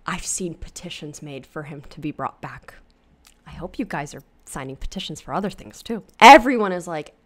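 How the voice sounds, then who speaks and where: A woman's voice: deep voice, expressive, a little fast, a little hiss or hum. A woman in her twenties giving casual commentary on a TV show, chatty and blunt, swearing freely and laughing often. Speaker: YouTuber.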